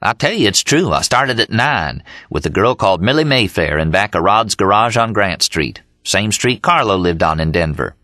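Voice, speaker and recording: A man narrating an audiobook voicing Dean, a manic, excited young man who boasts and yells. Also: fairly low pitch, dry recording, clean studio sound. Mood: boastful. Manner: exuberant yelling, rapid storytelling.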